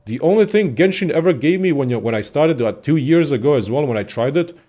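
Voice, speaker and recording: A young man casually ranting about games in a profane, excitable, rambling way as a content creator. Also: on the high side, brisk. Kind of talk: casual gaming rant.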